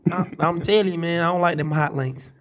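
A Southern US man with a high voice co-hosts a loose comedy chat. He tells crude stories with a lot of energy and acts out every quote. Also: fairly quick. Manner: crude, animated storytelling with acted-out quotes. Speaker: podcast co-host.

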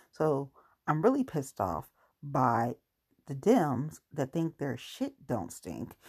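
A woman's voice: deep voice, creaky, a little mellow, slightly rough. A woman ranting about politics in casual talk, angry and sarcastic, swearing often.

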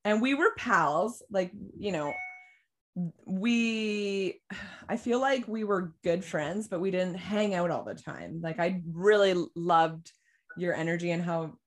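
A young woman co-hosting a podcast, telling stories in a giggly, animated way. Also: fairly low pitch, takes it slowly. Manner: bubbly, giggly, animated storytelling. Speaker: podcast co-host. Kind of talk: casual chat. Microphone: remote call mic.

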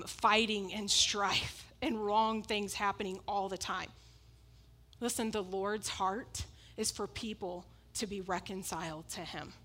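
A woman's voice: medium pitch, fairly bright tone. A woman preaching a sermon, emphatic and repetitive, often breaking into laughs as she makes her points.

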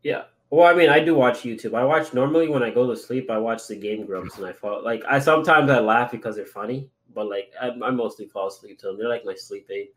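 A man's voice: medium pitch, quick pace, hardly any pauses, fairly bright tone. Young man rambling in casual chat. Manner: rambling, many "like" fillers, joking.

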